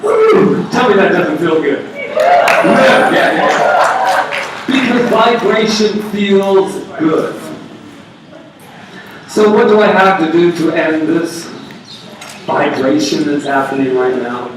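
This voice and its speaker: A man giving an animated, conversational sermon as a minister, with playful asides. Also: on the high side, slow, long pauses, recorded from a distance. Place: church sanctuary. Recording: very echoey hall, voice from afar.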